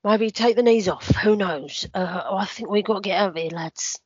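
A man's voice: high voice, normal speed, highs cut off, a little hiss or hum. A man, co-hosting a running podcast with playful, mock-panicked banter. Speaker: podcast co-host. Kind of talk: joking banter, mock-conspiratorial bit.

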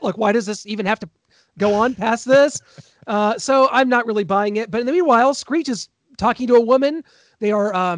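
A man with a high voice hosts a podcast in a chatty, laughing way, full of little ums. He sounds close to the mic in a dry space with no room echo. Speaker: podcast host. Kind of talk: casual chat recapping a TV episode.

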